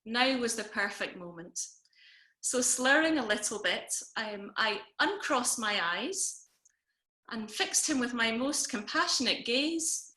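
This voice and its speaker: A woman's voice: on the high side, animated, takes it slowly, sharp tone, reverberant. A woman telling a personal comic story over a video call, in a wry, self-deprecating way. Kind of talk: personal story told to an online audience.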